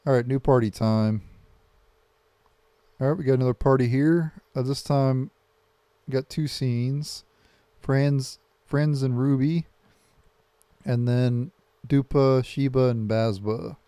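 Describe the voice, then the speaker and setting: A man hosting a gaming channel, reading game dialogue aloud for viewers in a plain, unhurried way with small restarts. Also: mid-range voice, fairly even intonation, dark tone, clean tone, dry recording.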